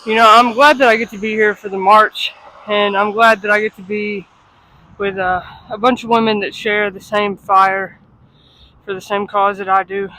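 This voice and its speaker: A woman vlogging casually to her phone, chatty and self-deprecating, at times out of breath from walking fast outdoors in the cold. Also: medium pitch, flat delivery, pushed and bright, poor audio. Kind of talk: casual travel vlog to camera. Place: outdoors on cold city streets.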